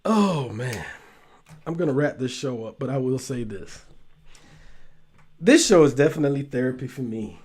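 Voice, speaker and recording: A man's voice: medium pitch, animated, moderate pace, long pauses, a little mellow, husky. A man hosting his own talk show, chatting casually to his viewers with frequent laughter, repeated phrases and free swearing. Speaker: show host.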